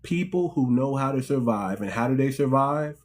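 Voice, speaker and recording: A man's voice: mid-range voice, animated, normal speed. A middle-aged American man hosting a casual livestream, talking animatedly to his audience, repeating himself and calling them family. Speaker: host.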